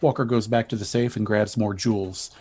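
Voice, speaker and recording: Guy reading the stage directions, even and measured. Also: lowish voice.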